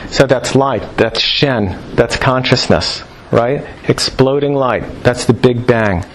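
A mid-pitched man lectures a roomful of practitioners, animated and jokey, tossing rhetorical questions at them. A faint room noise sits behind his voice. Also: slow, rough recording. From New York. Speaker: lecturer on Chinese medicine.

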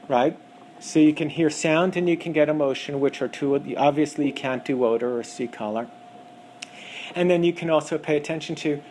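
A man gives an animated lecture to a class, his voice sitting slightly high. He breaks into quick impressions of callers to make his points. A faint hiss of room noise runs underneath. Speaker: acupuncture teacher. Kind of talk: lecture with acted examples.

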